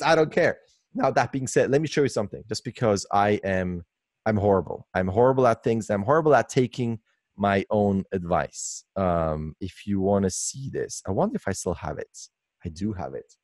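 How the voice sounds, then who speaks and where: Excitable man with a lively voice. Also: on the low side, no room sound, studio quality. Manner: excitable, laughs often, lively gushing delivery. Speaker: guest animator in a webinar. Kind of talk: enthusiastic webinar commentary on animation clips. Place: home workspace.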